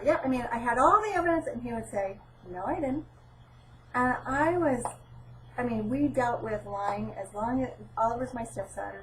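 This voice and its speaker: A woman's voice: on the high side, recorded from a distance, slight background noise, low-quality recording. A middle-aged woman giving an informal training talk, telling a personal story and acting out quoted dialogue. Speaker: presenter at a training session.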